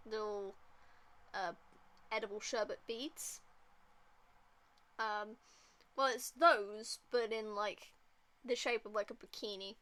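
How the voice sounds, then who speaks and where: Bright-voiced young woman streamer. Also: medium pitch, fairly even intonation, slow, long pauses. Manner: rambling, filler-heavy, giggly. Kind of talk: casual gameplay chat.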